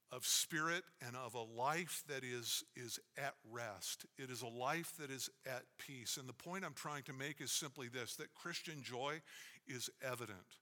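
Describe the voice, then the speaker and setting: A man's voice: mid-range voice, sharp tone. A man preaching a sermon as a pastor, emphatic and repetitive in his cadence. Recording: long reverb of a large hall.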